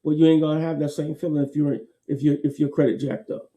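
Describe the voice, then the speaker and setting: A man gives a casual motivational talk. His tone is very dark and mellow, sitting a little high. He repeats his points emphatically in a folksy way. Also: level tone, fast talker, muffled recording. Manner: folksy, repetitive, emphatic with laughs.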